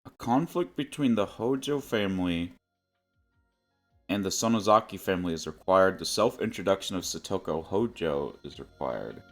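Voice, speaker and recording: A young man chatting casually while streaming a game, rambling and often breaking into high-pitched laughter. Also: expressive, normal speed, soft background music. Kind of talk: casual livestream gaming chat.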